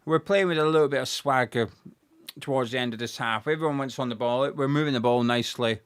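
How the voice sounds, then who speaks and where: A young man hosting a live football watch-along, chatting excitedly and reading out viewers' messages. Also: medium pitch, fast, clean tone. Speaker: fan channel host.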